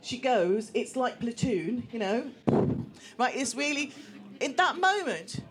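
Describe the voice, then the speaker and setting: A woman telling a personal story to a live audience, lively and acting out voices of other people. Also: medium pitch. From England. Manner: animated, acts out voices, laughs through the telling. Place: small venue room with an audience.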